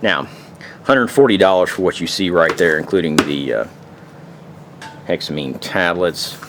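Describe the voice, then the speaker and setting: A man's voice: low-pitched, a little slow, noisy background. A man casually demonstrating camping gear, rambling in profane, folksy slang. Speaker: outdoor gear reviewer.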